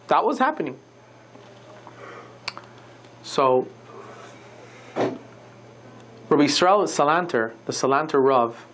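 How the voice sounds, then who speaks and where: In a low voice, a woman delivers a religious lecture, recounting a story animatedly and conversationally with plenty of asides.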